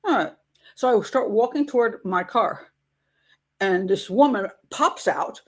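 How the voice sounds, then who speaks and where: An older woman, a grandmother, hosts a casual livestream. She tells a story with indignation and dry humor, and her voice sits at an everyday middle pitch. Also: animated, measured pace. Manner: indignant storytelling, wry laughs. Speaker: host.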